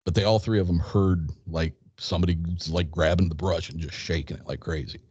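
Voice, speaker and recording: Low, dark-voiced man in his fifties. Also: steady tone, a little fast, breathy edge, dry recording. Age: 50s. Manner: rambling anecdote, quotes dialogue, hesitant restarts. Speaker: guest. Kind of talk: casual storytelling. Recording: dull lo-fi sound.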